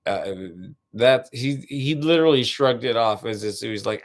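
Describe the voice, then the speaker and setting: A man's voice: mid-range voice, moderate pace. A man telling a rambling, profane stand-up story, full of restarts and asides. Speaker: stand-up comedian.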